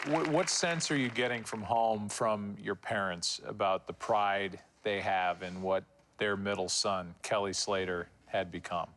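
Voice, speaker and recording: A man's voice: fairly low pitch, steady tone, unhurried, few pauses, fairly bright tone, a faint crowd, slight background noise. A man hosting an interview, asking probing conversational questions. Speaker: interviewer, host.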